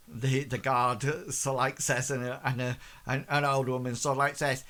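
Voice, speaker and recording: Bright-voiced man running a tabletop game. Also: mid-range voice, flat delivery. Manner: hesitant, many fillers, puts on quick voices for townsfolk. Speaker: game master.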